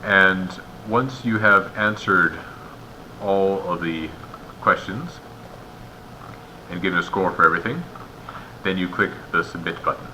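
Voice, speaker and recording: A man's voice: sits low, unhurried, pauses often, pushed and bright, a little hiss or hum, poor audio. A man giving a methodical step-by-step walkthrough as an instructor, explaining each point and posing rhetorical questions. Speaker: instructor guiding raters.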